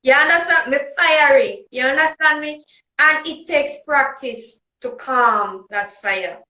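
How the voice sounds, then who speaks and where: A woman's voice: high voice, measured pace, pushed and bright, echoey room, low-quality recording. A woman host, talking bluntly and emphatically in a casual chat. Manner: blunt, emphatic, patois-tinged. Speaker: podcast host.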